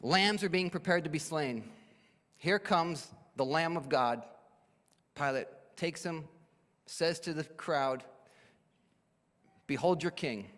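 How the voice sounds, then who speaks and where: A man's voice: a little high, fairly bright tone. A man pastor preaching a sermon, explaining a Bible passage and briefly acting out the people in it. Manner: expository preaching, acts out quoted speakers. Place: church sanctuary. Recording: long church hall reverb.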